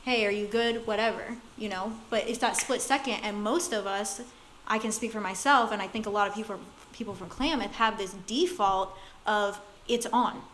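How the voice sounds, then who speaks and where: A woman's voice: medium pitch, moderate pace, slight background noise, low-quality recording. A woman guest in casual chat, talking reflectively with many fillers. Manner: reflective, talks about staying calm, with fillers.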